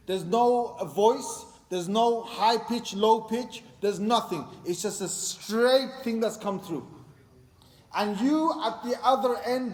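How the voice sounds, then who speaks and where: A man giving a sermon to a congregation in a mosque, speaking emphatically and quizzing his listeners with repeated questions. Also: extremely high pitch. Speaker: religious teacher. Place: mosque hall. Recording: echoey hall reverb.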